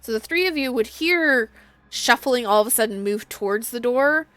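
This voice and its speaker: Woman game master narrating calmly. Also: fairly high pitch, dry recording. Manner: unhurried, descriptive narration.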